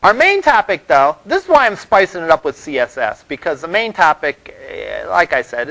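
Male instructor, lecture-hall delivery, voice on the higher side, relaxed and rambling, checks in with the class often. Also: vocal fry. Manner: loose and conversational, many fillers and "all right?" check-ins. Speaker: college web development instructor.

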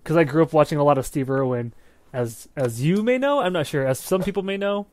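A man's voice: on the high side, brisk, dry recording. Profane, chatty podcast co-host man. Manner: animated, profane, keeps checking in with "right?". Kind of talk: casual movie review chat.

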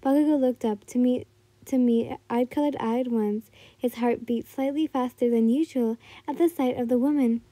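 Girl reading fanfic out loud, trips on words a lot, soft dark tone, dry close mic. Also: a little high, moderate pace, no room sound. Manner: stumbles over words, corrects herself. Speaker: fan fiction reader. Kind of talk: reading fan fiction aloud.

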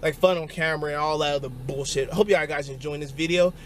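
A young man vlogging casually to camera about his gym day and meals, crude and joking, with sudden loud shouts. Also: a little high, steady tone, fast talker, a little hiss or hum. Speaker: fitness vlogger. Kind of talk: casual vlog chat to camera. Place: gym and home.

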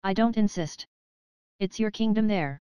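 A woman's voice: mid-range voice, measured pace, dark tone, clean tone, no echo, dull audio, pitched above the performer's own voice, natural voice. A woman reading the part of a cold, condescending husband who speaks in a derisive, offhand way.

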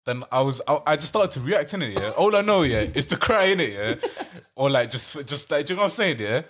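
A man's voice: on the high side, very animated, fast talker, a bit bright. A man, co-hosting a podcast and telling stories in casual, slang-filled chat. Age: 20s. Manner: slangy, laughing storyteller. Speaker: podcast co-host.

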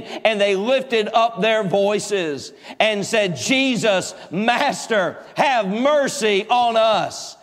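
A pastor preaching a sermon, folksy and joking, with emphatic repetition. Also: male voice, a little high. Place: large church hall. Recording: echoey church hall.

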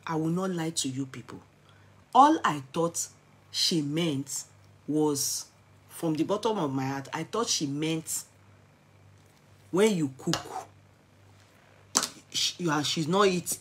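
In a vlog, a middle-aged Nigerian woman tells a story, blending Pidgin with English and building to dramatic, excited exclamations. Her voice is mid-range.

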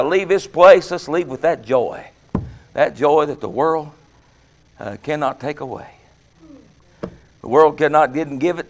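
A preacher man with a high, ringing voice that leaps up and down as he preaches. He talks with exuberant energy, mixing shouted praise and laughter into his sermon. The pitch swings widely from line to line. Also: slight background noise. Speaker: pastor.

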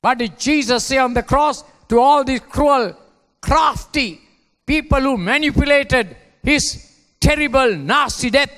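A man preaching a sermon as a pastor, swinging between hushed lines and shouted ones. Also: very high voice, a little slow. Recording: long hall reverb.

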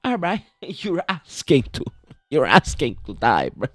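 A young man gives loose, joking commentary over a horror game, peppering his lines with "bro". His voice swings widely up and down in pitch. It sits dry and close on the mic, with faint music playing behind him. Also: wildly swooping pitch, a little slow, no echo. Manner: joking, chatty, keeps saying "bro". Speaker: gaming video host.

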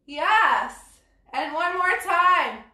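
A woman's voice: extremely high pitch, lively intonation, extremely slow, pushed and bright. A woman from Brooklyn teaching a parent-and-toddler yoga class, with cheerful, encouraging, sing-song cues. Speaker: yoga instructor. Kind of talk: live-streamed kids' yoga class. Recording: roomy echo, mic at a distance.

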